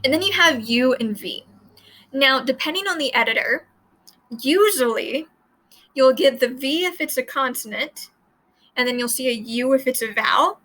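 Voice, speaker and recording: Woman Latin teacher, high and bright, casual chatty explainer who sounds words out. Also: animated, moderate pace, low-quality recording.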